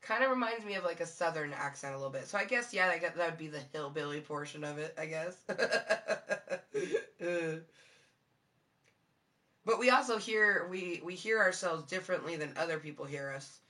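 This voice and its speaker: Woman streamer, low-toned, bright and forceful, loose, swears a lot, giggly casual chat with viewers. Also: expressive, normal speed. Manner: rambling, profane, giggly, many fillers. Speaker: live streamer.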